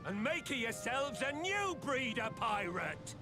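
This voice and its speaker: A man's voice: very high voice, very animated, unhurried, heavily acted. A man voicing a grizzled older pirate captain in a video game cutscene, speaking in old-timey pirate dialect. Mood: rousing. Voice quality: gravelly. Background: loud music.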